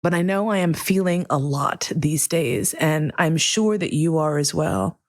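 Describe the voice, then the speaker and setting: Low, slow-talking woman podcast host. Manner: earnest, emotional, swears freely, slow deliberate phrasing. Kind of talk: heartfelt solo podcast monologue.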